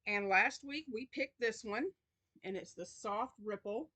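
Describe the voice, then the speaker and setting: A woman's voice: mid-range voice, measured pace, bright, forceful tone. A woman hosting a crochet channel in a casual vlog, chatty and rambling with many restarts, tired and yawning.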